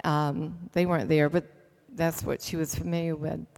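A woman's voice: sits low, little pitch movement, normal speed, a little mellow. A middle-aged woman giving an earnest personal faith testimony, telling it as a story with small hesitations. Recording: long reverb from a large hall.

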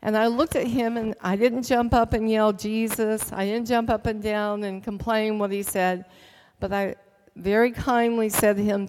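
Middle-aged woman testifying, earnest storyteller, mid-pitched, long hall reverb. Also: fairly even intonation, normal speed, a little mellow. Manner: earnest storytelling, hesitant fillers. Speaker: speaker giving testimony. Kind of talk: personal faith testimony.

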